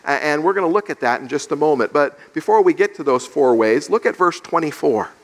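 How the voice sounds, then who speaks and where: The male pastor's fairly high voice is expressive and fairly quick as he delivers an expository sermon. He takes scripture verse by verse and acts out the characters' questions, in the long reverb of a large hall.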